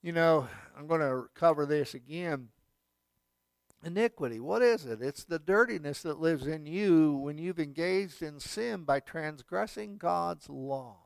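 Gravelly-voiced man preaching. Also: a little high, expressive, measured pace, no echo. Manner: emphatic preaching with repetition and asides. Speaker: pastor. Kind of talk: sermon.

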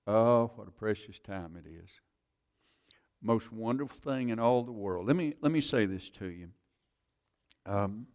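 A man's voice: lowish voice, lively intonation, a little slow, pauses often, darkish tone. A man preaching, telling his own conversion story in an earnest, plain-spoken way. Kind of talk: sermon testimony.

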